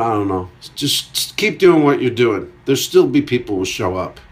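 A man hosting a solo comedy podcast, rambling through a chart countdown with jokey asides and answering his own questions. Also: medium pitch. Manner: rambling, jokey, talks back to himself. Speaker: podcast host.

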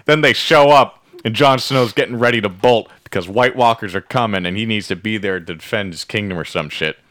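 A young man casually recapping a show for his friends, rambling and profane, slipping into quick character voices. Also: lowish voice, fairly bright tone. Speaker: podcast co-host recapping a show. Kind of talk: casual chat.

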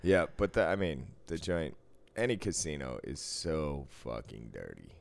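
Blunt, foul-mouthed man with a deep voice. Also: expressive, measured pace, gravelly, no echo. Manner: blunt and crude, swears freely, laughs at his own jokes. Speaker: podcast co-host. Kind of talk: casual chat. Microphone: podcast microphone.

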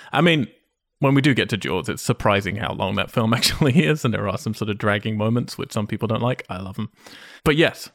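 A man's voice: mid-range voice, dry recording. Chatty swearing podcast guy, dry mic. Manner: chatty, swears freely, laughs often. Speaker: podcast co-host. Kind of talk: casual podcast chat.

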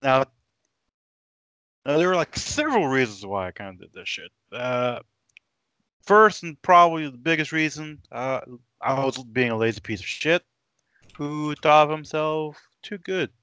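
A man from Aruba chats as a podcast guest, laid-back and hesitant, filling pauses with "uh". His voice is bright and smooth, recorded close and dry. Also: a little high, animated, no room sound. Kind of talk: casual podcast chat.

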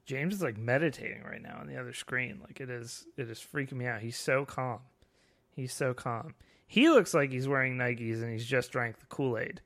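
A man's voice: medium pitch, fairly bright tone. Guy hosting his podcast live, loose and jokey, cusses and laughs a lot. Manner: joking, profane, laughs often. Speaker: podcast host. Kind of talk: casual live-streamed podcast chat.

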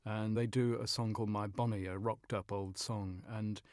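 British man, measured music storyteller. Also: on the low side, steady tone, dry recording, clean studio sound. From Britain. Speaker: music journalist. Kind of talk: conversational discussion.

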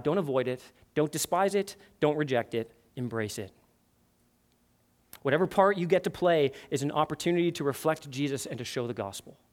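High-voiced man preaching with fervor. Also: a little mellow. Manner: impassioned, emphatic repetition. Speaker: pastor. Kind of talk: sermon and closing prayer.

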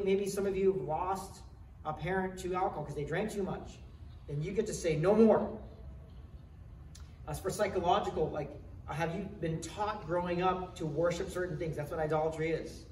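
A pastor preaches a sermon in an earnest, conversational way, frequently restarting sentences. His voice is fairly high with a darkish tone and a bit of hiss or hum, picked up from some distance in a roomy, echoing space with faint ambience.

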